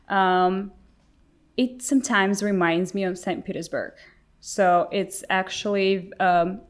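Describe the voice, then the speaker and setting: Podcast guest: woman, native Russian speaker, leisurely delivery, chatty and giggly, many fillers. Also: on the low side. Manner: chatty, laughs often, lots of "like" fillers. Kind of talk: casual chat.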